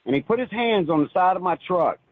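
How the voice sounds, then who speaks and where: An earnest male caller speaks through a thin, phone-like line. His voice sits a bit high and sounds slightly husky. He halts and restarts often as he tells his story. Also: lively intonation, no room sound. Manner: earnest, halting, many restarts. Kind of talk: phoned-in personal testimony.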